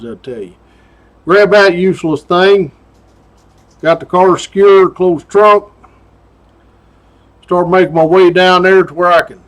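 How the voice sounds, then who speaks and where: A middle-aged man, casually telling a story about his days as a state trooper in a folksy way. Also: sits high. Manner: folksy drawl with "doggone" and chuckles.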